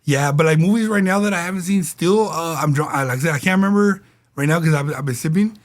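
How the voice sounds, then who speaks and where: Laid-back man with a high voice. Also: fast. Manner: laid-back, slangy, often acts out quotes. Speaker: podcast co-host. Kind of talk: casual chat.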